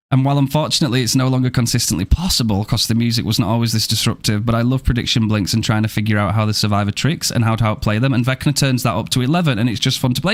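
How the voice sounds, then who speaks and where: A British man in the middle of a live game stream, talking casually with his audience. He sounds easygoing and chatty, dropping "bro" and "man" often. His voice sits at an ordinary middle pitch. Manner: laid-back and chatty, says "man" and "bro" a lot.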